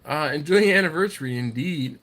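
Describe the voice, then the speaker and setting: A man's voice: on the high side, expressive, a little fast, a bit bright. A man hosting a casual livestream, rambling and teasing while reading out viewer comments, a little tipsy from drinking. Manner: rambling, laughs often, teasing. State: has been drinking. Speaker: livestream host. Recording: faint background noise.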